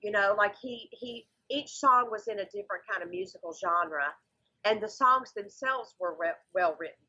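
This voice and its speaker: Husky bright-voiced woman guest. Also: mid-range voice, normal speed, dull audio. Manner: enthusiastic, explains at length. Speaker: guest comedian. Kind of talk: casual podcast chat.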